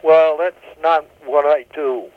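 A man's voice: a little high, fairly even intonation, slow pace. A man answering a business call, terse, firm and patient. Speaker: business owner taking a call. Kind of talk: phone conversation. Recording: tinny phone line.

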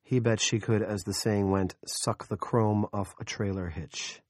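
Low-voiced man narrating an audiobook. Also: steady tone, a little slow, hardly any pauses, a little mellow, dry recording, studio quality. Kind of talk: scripted narration.

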